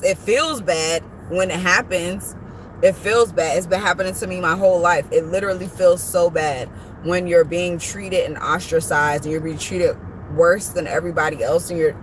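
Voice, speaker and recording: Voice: mid-range voice, slight background noise. Earnest, reassuring vlogger talking from a car. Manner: earnest and reassuring, rambling with many fillers and restarts. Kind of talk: casual motivational talk to camera. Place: inside a parked car.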